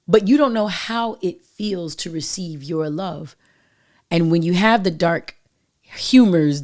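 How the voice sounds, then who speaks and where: A woman with a fairly low voice talks straight to her listeners. She gives love advice in a casual, emphatic monologue full of slang. She sounds like a show host speaking to her regular audience. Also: a little mellow. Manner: emphatic, preachy, uses slang and direct address.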